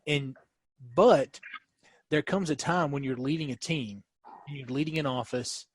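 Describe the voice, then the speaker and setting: A man's voice: medium pitch, measured pace, slightly rough. A man, a dentist guest telling stories in a casual podcast chat. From Kentucky. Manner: storytelling, animated, restarts often.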